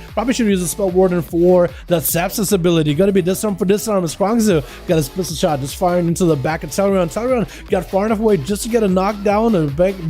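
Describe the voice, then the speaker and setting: Excitable high-voiced man commentating duels. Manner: excitable, chatty, talks to chat. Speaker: streamer and duel commentator. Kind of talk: live game commentary.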